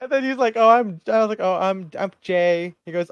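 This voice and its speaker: A young man with a high, bright-sounding voice tells a story on his podcast. He is animated, acts out quotes and breaks into laughter. The sound is dry and close to the mic. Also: fast talker, clear, resonant tone, no room sound, muffled recording. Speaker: podcast co-host. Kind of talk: casual storytelling chat.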